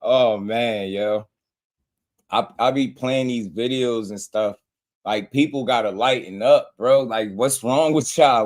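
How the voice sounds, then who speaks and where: A man's voice: mid-range voice, slow. A man hosting a boxing live stream. He chats casually in slang and laughs constantly as he reacts to clips.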